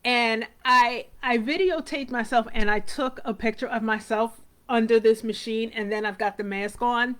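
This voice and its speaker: A woman's voice: a little high, steady tone, normal speed, few pauses, a bit bright. A middle-aged woman hosting a hair care show, talking in a chatty, rambling way and calling viewers by name. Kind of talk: casual live talk to viewers.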